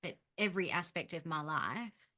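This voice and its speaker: A woman hosts a casual chat and explains ideas to her guest in an encouraging way. Her voice sits on the low side. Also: normal speed, pushed and bright. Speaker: host.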